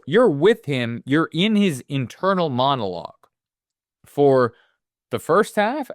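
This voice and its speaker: A man's voice: medium pitch, dry recording, clean studio sound. A man co-hosting a movie podcast, talking casually in long, rambling, profane riffs. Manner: rambling, profane, animated asides. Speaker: podcast co-host.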